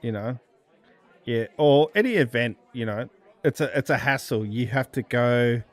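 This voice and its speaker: A relaxed man co-hosting a casual pub chat about home brewing over a video call. He tells stories at an easy pace and jokes around, with a faint crowd hum behind him. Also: medium pitch, moderate pace. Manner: relaxed, storytelling, joking. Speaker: podcast co-host.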